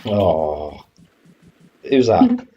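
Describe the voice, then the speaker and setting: A man's voice: low voice, huge pitch swings, very slow, warm tone, husky, muffled recording. A man hosting a retro game live stream, chatting casually and swearing now and then. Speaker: streamer host.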